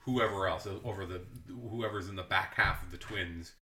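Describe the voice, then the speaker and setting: Low-voiced guy, bright punchy tone, rambly dry sports podcast chat, echoey room. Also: fairly even intonation, moderate pace, a little hiss or hum. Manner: rambling, self-correcting, dry humor. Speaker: podcast co-host.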